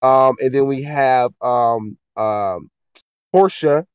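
Man, casual chat, halting and repetitive, dry muffled sound. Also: medium pitch, smooth, no room sound. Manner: halting, many fillers and repeated words. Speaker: filmmaker and actor guest.

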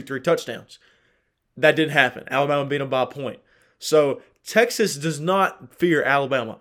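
A man's voice: fairly high pitch, a bit bright. A young man hosting a casual solo sports podcast, chatty, laughing often and restarting his sentences. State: dry throat. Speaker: podcast host.

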